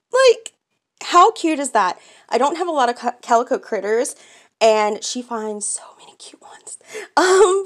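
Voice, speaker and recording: A young woman chatting casually while unboxing mail, gushing with excitement and gasping at each find. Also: high voice. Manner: gushing, excitable, squeals and gasps. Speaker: toy collector vlogger.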